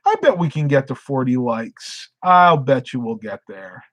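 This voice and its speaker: A man's voice: mid-range voice, expressive, measured pace, fairly bright tone, dry recording. Middle-aged man, drowsy late-night streamer, dry close sound. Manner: rambling, reads chat comments aloud. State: sleepy, yawning. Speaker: live streamer. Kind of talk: casual live stream chat.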